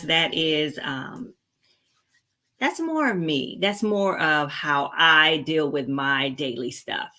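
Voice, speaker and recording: Low-voiced chatty woman vlogger. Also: animated, slow pace, bright, forceful tone. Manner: chatty, rambling with many fillers and restarts; laughs easily, playful asides to viewers. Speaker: nurse practitioner and channel host. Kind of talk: casual talk to camera.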